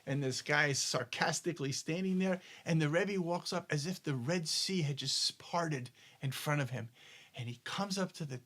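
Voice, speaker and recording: Guy telling jokes on a faith talk show, kinda high voice, keeps repeating words. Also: normal speed, fairly bright tone. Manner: tells jokes with a deep lesson, repeats words while thinking. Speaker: co-host of a spiritual discussion show. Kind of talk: casual storytelling chat.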